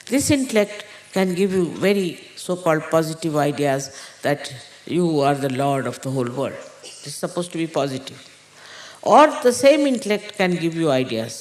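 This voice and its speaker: A woman spiritual teacher giving an unhurried, halting spiritual talk to followers, with pauses and fillers. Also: fairly low pitch. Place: large indoor gathering hall. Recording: echoey hall recording.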